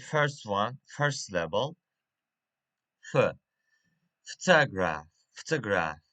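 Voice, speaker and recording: Slow, halting man with a bright voice. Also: medium pitch. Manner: slow and halting, with many fillers and restarts. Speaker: English teacher. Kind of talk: reading a pronunciation lesson.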